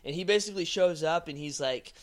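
A man's voice: a little high, fast talker. Guy from texas rambling through a movie plot on a podcast, lots of uhs and likes. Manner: rambling, animated retelling, lots of fillers. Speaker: podcast co-host. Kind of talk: casual movie chat.

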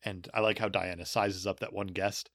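A man's voice: low-pitched, little pitch movement, moderate pace, a bit bright, no echo, studio quality. A man co-hosting a podcast, cracking jokes and laughing while he recaps a film. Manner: joking, laughs often. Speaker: podcast co-host. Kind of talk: casual movie recap chat.

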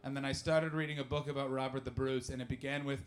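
A man's voice: medium pitch, flat delivery, fast. A young man doing a stand-up comedy set, telling rambling, profane, self-mocking stories and throwing questions at the crowd. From Canada.

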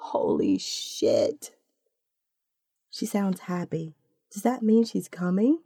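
A woman narrating a second-person story in a slow, calm and intimate manner. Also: medium pitch, slightly rough, no room sound, studio quality.

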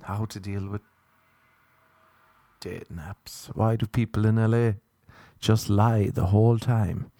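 Sweary young comedian with a low, dark voice. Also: male voice, steady tone, slow, pauses often, no echo. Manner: sweary, laughing, rambling storyteller. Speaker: stand-up comedian. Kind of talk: casual rambling monologue.

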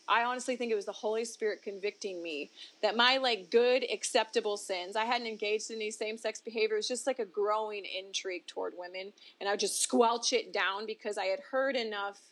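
A ministry founder appears as an interview guest, sharing her personal testimony in a woman's voice that sits on the high side with a fairly bright tone. She talks candidly and expressively, her voice leaping up for emphasis and breaking into laughter between points.

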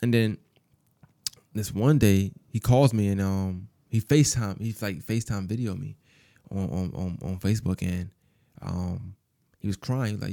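A man's voice: low voice, moderate pace, creaky, dark tone, dry recording, studio quality. A man hosting a podcast, telling a personal story in a casual, rambling way, full of fillers and repeated phrases. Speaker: podcast host.

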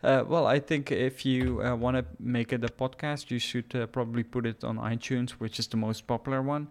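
A man's voice: medium pitch, fairly even intonation, a little fast. A man co-hosting a podcast, chatting casually and hesitantly during a game session. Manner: hesitant, lots of uh fillers, laughs easily. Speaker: podcast co-host. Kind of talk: casual chat while gaming.

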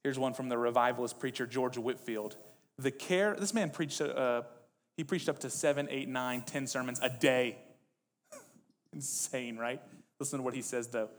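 A man's voice: mid-range voice, fairly even intonation, normal speed, in a large hall. A male pastor preaching a sermon, reading quotes with rising intensity between casual asides.

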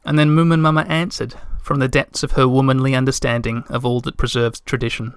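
A man reading a children's storybook aloud in a gentle, measured way. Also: mid-range voice, flat delivery, clean tone, no room sound, clean studio sound. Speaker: narrator.

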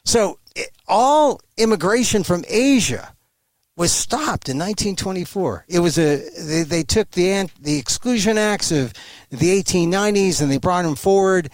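An emphatic man talks as an interview guest over a remote link, his pitch leaping around with animation. He restarts phrases often as he pushes his points. The sound is close and dry. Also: expressive, normal speed, dry recording. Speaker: guest commentator.

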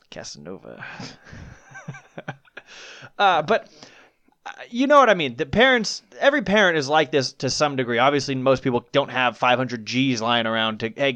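A man's voice: medium pitch, very animated, moderate pace, bright, forceful tone, dry recording, highs cut off. Teasing, contrarian man on a podcast. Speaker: podcast co-host. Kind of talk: casual chat.

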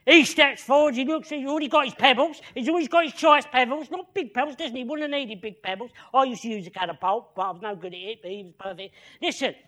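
A man's voice: very high-pitched, fast talker, hardly any pauses, pushed and bright. A man preaching a sermon as a story, repeating phrases and often calling out to his listeners. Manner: repeats phrases, calls "listen" and "yeah?" to the crowd.

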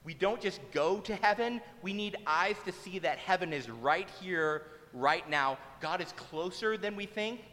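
Male pastor, sermon, casual and funny delivery, fairly high voice, long reverb from a church hall. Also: lively intonation, unhurried, hardly any pauses, sharp tone. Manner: conversational, humorous.

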